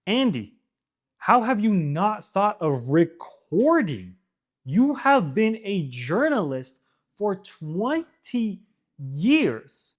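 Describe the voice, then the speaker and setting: A man hosting his own channel, giving casual opinion commentary to camera, animated and firing off exasperated rhetorical questions. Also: fairly high pitch, slow pace. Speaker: video essay host.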